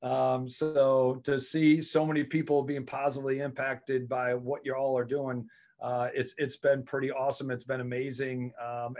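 Male coach, podcast guest, earnest and thoughtful, trips over repeated words, mid-range voice. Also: mid-range voice. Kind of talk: casual interview talk.

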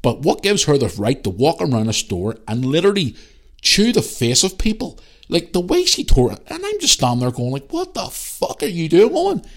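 A man's voice: mid-range voice, a little fast. A man, hosting a podcast and ranting in heated, swear-filled storytelling. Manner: heated storytelling, heavy swearing, animated re-enacted dialogue. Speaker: podcast host. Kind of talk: casual ranting monologue.

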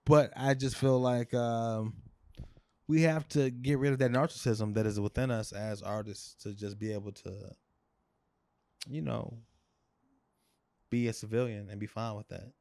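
A man's voice: fairly low pitch, steady tone, normal speed, creaky, pauses often, darkish tone, dry recording. A man, a comedian guest on a podcast, chatting casually and reflectively, joking and often repeating his words.

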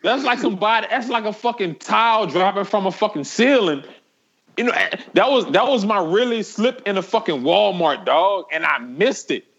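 A young man telling a story in casual chat, animated and profane, laughing as he talks. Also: high-pitched, normal speed, highs cut off.

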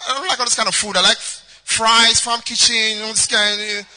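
A woman's voice: a little high, fairly even intonation, moderate pace, bright, forceful tone, long reverb tail. A man playing a spoiled young woman back from studying abroad, with a drawling, affected posh voice. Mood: snobbish.

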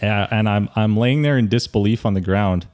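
A young man in easy conversation with a friend, spinning an animated story and laughing often. His voice sits low and sounds warm and relaxed. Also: moderate pace. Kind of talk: casual chat, storytelling.

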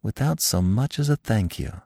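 Man reading a young deer, soft and wondering. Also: mid-range voice, wildly swooping pitch, slow, husky, no room sound, clean studio sound, full character voice.

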